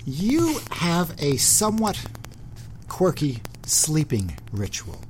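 A man's voice: fairly high pitch, huge pitch swings, slow, slight background noise. A man hosting a casual studio interview, asking playful questions and teasing his guest. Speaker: podcast host.

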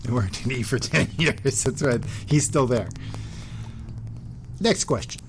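A man's voice: medium pitch, lively intonation, a little slow, soft background music. Teasing male interview host. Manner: teasing, playful questioner. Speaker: podcast host. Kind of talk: casual interview chat. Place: studio.

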